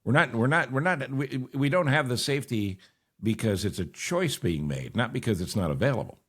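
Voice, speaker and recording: A man's voice: medium pitch, animated, brisk, husky. A middle-aged man hosting a conversational interview, chatting with wry, joking asides. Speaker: talk show host.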